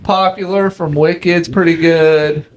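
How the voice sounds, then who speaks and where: A man's voice: fairly high pitch, fairly even intonation, a little slow, slight background noise. A young man co-hosting a casual podcast chat, joking and swearing, laughing often. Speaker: podcast co-host.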